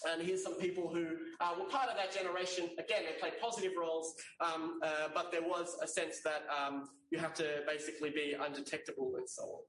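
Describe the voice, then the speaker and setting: A man with a high voice gives an earnest slide talk, stumbling through fillers and restarts. He sits back from the microphone, and the room rings with echo. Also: fairly bright tone, a little hiss or hum. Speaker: lecturer. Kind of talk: informal slide presentation to an audience. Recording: echoey room, distant mic.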